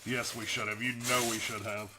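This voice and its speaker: A man's voice: mid-range voice, flat delivery, moderate pace, heavy background noise. Laid-back man mumbling through stream chat. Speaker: co-host of a Lego building live stream. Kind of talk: casual live stream chat.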